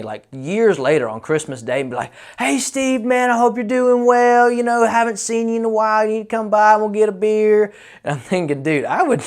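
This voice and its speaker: Contractor, male, 30s, loose conversational storyteller with fillers and restarts. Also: medium pitch. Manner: rambling, many fillers and restarts, quotes people in his own voice. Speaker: roofing contractor telling a story. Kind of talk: casual storytelling.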